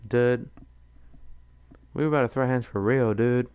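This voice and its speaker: A man's voice: mid-range voice, fairly even intonation, unhurried, darkish tone, clean tone, dry recording, highs cut off. A man rambling in a casual late-night chat, full of fillers and laughter. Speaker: streamer host.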